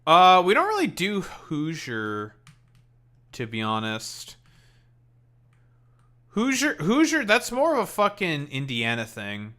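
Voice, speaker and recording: A man's voice: a little high, huge pitch swings, a little slow, bright, forceful tone. A man from Canada with a Canadian accent, streaming and chatting casually while he plays, rambling and swearing offhandedly. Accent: Canadian English. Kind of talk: casual chat while playing a game.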